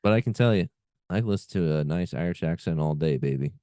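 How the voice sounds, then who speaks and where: A man co-hosting a podcast in casual film chat, laid-back and halting, often restarting his sentences. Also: deep voice, expressive, mellow, no room sound, studio quality. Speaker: podcast co-host.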